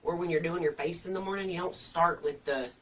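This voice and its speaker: A man's voice: a little high, brisk, a bit bright, recorded from a distance, rough recording. A man hosts a casual craft tutorial, chatty and folksy, full of homespun comparisons. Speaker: wreath-making host.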